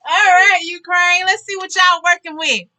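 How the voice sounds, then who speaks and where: A woman's voice: very high voice, steady tone, moderate pace, bright, forceful tone. A woman hosting a casual snack-tasting vlog, exuberant and playful, talking in informal slang. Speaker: vlog host.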